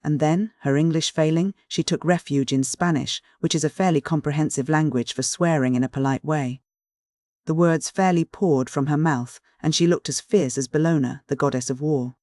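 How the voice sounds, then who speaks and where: An audiobook narrator giving a measured, even reading of a classic mystery. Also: mid-range voice, no room sound, clean studio sound.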